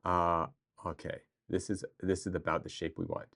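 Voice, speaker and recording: Here a man chats casually with his livestream audience, responding to their messages while rambling excitably and starting sentences over. His voice is slightly low for a man, creaky, and moderately paced.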